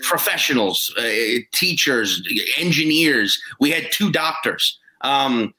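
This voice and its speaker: Brief: a comedian from New Orleans, fairly high, bright and rambling with plenty of swearing. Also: male voice, expressive, slow pace, faint music behind, rough recording. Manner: profane, rambling storyteller. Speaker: comedian guest. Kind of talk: casual podcast chat.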